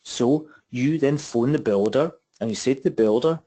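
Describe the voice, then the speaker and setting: A man's voice: mid-range voice, brisk, few pauses, mellow. A man leads an online property investment webinar over a computer mic. He talks in a chatty, repetitive way and keeps asking his listeners rhetorical questions. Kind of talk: webinar presentation. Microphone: computer mic on a webinar call.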